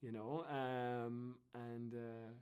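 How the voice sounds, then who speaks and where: An Irish man telling anecdotes as an interview guest, in a chatty, animated way that often breaks into laughter. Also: mid-range voice, extremely slow, clean tone, muffled recording. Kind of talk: casual storytelling.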